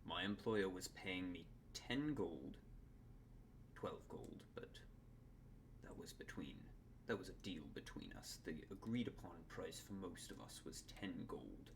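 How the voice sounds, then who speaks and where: A big, resentful mercenary guard, as a man puts him on speaks in a curt, quiet grumble. His voice sits low and moves slowly. It is a tabletop game role. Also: expressive, noisy background.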